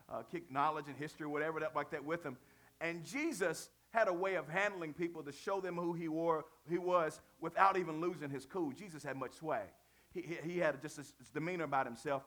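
A man delivers a lively, conversational sermon, peppering the congregation with questions and slang. His voice is a little high and his pace brisk.

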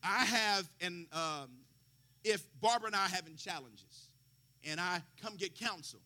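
A man's voice: sits high, normal speed, pushed and bright. A man preaching a sermon, quoting scripture with folksy asides and rising fervor. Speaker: pastor.

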